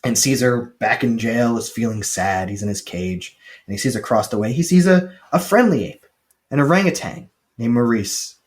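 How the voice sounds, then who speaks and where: A man co-hosting a casual podcast, retelling a film with jokes and quick paraphrased lines from its characters. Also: mid-range voice, expressive. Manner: chatty, joking, quick paraphrased quotes. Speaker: podcast co-host recapping a film. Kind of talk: casual chat.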